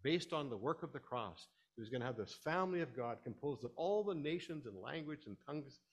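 A man preaching a sermon, explaining scripture in a teaching tone and rising to emphatic, animated stresses. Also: medium pitch, brisk, highs cut off.

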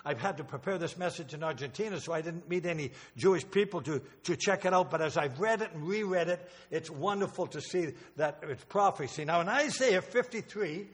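A man's voice: a little high, lively intonation, fairly quick, few pauses. An older man preaching a sermon in a church, emotional and rambling, with restarts and asides. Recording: long hall reverb.

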